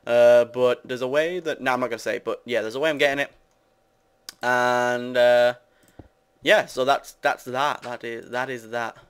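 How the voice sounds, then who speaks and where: A man's voice: mid-range voice, steady tone, normal speed, clean tone. A young British man giving casual, rambling commentary while playing a building game, joking with his viewers. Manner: rambling, self-mocking, chatty with viewers. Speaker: gamer. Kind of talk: casual Let's Play commentary.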